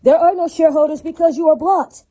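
Her voice is very high-pitched and warm, and she talks fast. Alone and unscripted, she rants with plenty of swearing and repetition, repeatedly asking "right?" and "does that make sense?" to see if listeners are keeping up, all on a rough recording.

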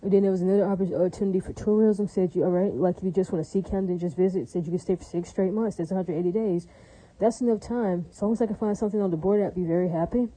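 A woman's voice: fairly low pitch, steady tone, rapid-fire, mellow, slightly rough, low-quality recording. A woman vlogging in a casual, rambling monologue, blunt and crude, with many fillers, who keeps asking her listeners "right?". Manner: chatty, keeps asking "right?" and "does that make sense?".

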